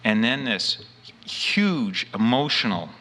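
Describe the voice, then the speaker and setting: A man's voice: medium pitch, very animated, takes it slowly, sharp tone. A man giving an emphatic first-person account of a frightening experience, acting out what he said at the time. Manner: earnest, emphatic storytelling; acts out his own quoted lines. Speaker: abduction experiencer.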